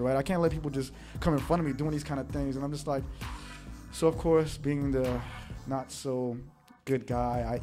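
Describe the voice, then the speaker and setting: A young man from the Bronx telling a story in an animated monologue, acting out what other people said to him. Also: medium pitch. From the Bronx, New York. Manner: animated, quotes others in changing voices. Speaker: monologue host.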